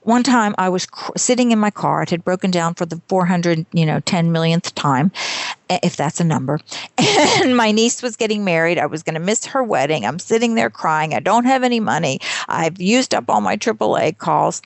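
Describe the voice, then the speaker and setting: A woman's voice: lowish voice, expressive, moderate pace, gravelly, dry recording. A woman in her fifties, a guest author telling her story in a casual interview with a candid, self-deprecating manner.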